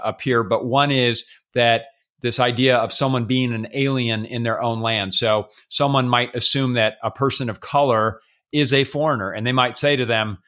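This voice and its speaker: A man hosting his own show, talking alone in an earnest, measured way with the odd hesitant filler. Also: medium pitch, fairly bright tone. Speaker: podcast host. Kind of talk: reflective solo monologue.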